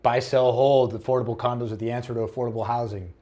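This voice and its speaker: A man's voice: mid-range voice, fairly even intonation, fast, warm tone, dull audio. A man co-hosting a podcast in casual, jokey talk, often restarting his sentences. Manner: jokey and loose, with many restarts. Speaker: podcast co-host.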